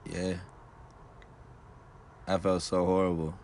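Very deep-voiced teasing man. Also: little pitch movement, slow, darkish tone, slight background noise. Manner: teasing, interjecting, talks to the audience as y'all. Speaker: podcast co-host. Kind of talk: casual chat.

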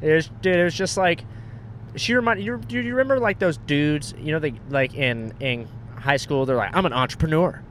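A comedian on a road-trip podcast, animated and profane, acting out other people's lines in a high voice. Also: male voice, moderate pace, slight background noise. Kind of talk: casual road-trip storytelling.

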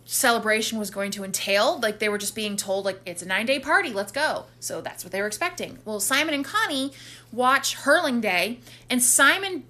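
A woman with a bright, ringing voice talks through a film's plot in a relaxed podcast chat. She tells it with lively energy and slips into the characters' lines as she goes. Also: fairly high pitch, moderate pace. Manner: animated storytelling, acts out characters' lines. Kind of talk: casual movie recap chat.

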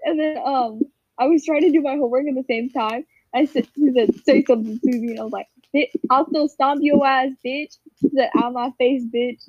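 A teenage girl with a high voice tells a story to her friends and acts out the quoted lines with energy. The audio is dry and a bit dull, like a headset on a voice call. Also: fairly quick, no room sound. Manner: animated, acts out quotes, frequent laughs. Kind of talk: casual group chat storytelling.

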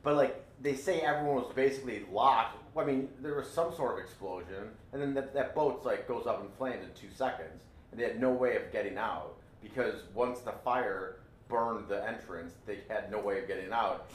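A man's voice: on the low side, normal speed, few pauses, a little hiss or hum. A man co-hosting a podcast in casual chat, blunt and argumentative, swearing freely. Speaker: podcast co-host. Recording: echoey room.

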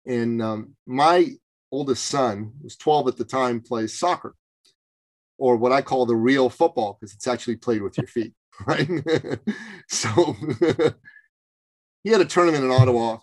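A man from Canada telling a story as a guest on a podcast, in an animated and emphatic way. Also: medium pitch, a little slow, no room sound, low-quality recording. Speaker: podcast guest, business coach. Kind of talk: interview storytelling.

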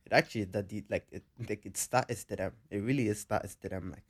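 A man's voice: fairly low pitch, quick pace. A young man co-hosting a casual chat, telling stories in a laid-back but emphatic way. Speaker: podcast co-host.

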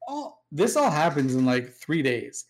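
A man's voice: a little high, big pitch swings, a little slow. A man tells a sprawling story in loose, casual chat. He swears freely and leans on fillers. He jumps into quoted dialogue as he goes. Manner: rambling, profane, acts out quoted dialogue with fillers. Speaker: storyteller guest recounting game history.

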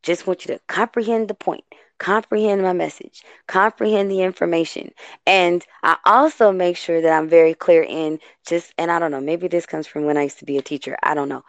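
A woman from the West Coast hosts a loose, chatty talk in a slightly low voice, rambling and self-interrupting as she goes. She gets animated and quick when she's excited. The recording is dry and close. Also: no echo. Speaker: host. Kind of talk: casual talk show chat.

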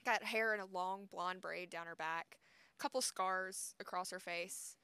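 Woman, tabletop player, slow, casual, smooth dry voice. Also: on the low side, fairly even intonation, sharp tone, no echo. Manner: casual with hesitations and laughs. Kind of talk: describing her tabletop character.

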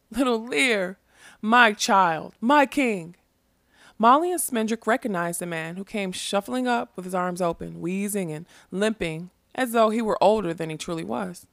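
A woman narrating a fantasy story in a steady, expressive reading. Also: mid-range voice, no room sound, clean studio sound.

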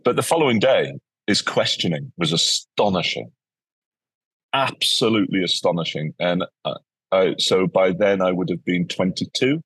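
Husky low-voiced man. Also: moderate pace, no room sound. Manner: animated storyteller, acts out quoted people. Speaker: educator guest. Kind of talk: casual interview storytelling.

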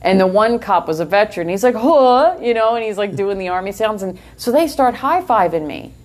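An older woman, co-hosting a podcast and telling a long story in a lively, animated way, often laughing. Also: medium pitch, a little fast. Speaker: podcast co-host. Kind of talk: casual storytelling chat.

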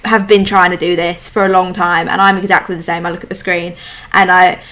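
A woman's voice: lowish voice, level tone, brisk, fairly bright tone. Chatty woman with a slight lisp. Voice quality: lispy. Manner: chatty and emphatic, swears casually. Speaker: podcast host. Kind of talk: casual podcast chat. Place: at home.

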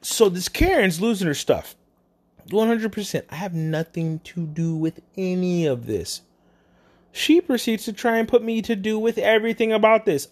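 A vlogger and parent casually retelling a run-in at a store, swinging between low mutters and sudden exclaims. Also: normal speed, darkish tone. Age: adult, parent. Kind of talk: casual storytelling.

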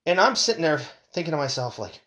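Somewhat high-voiced and quick, a man rambles through a story as a casual rant. Swearing liberally and starting sentences over, he delivers an animated, profane monologue.

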